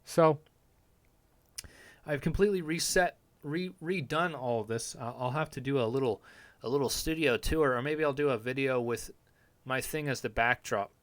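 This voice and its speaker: A man's voice: medium pitch, normal speed, no echo. Rambling, profane young man streaming. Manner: rambling, profane, laid-back. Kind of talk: casual live-stream chat. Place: home basement studio.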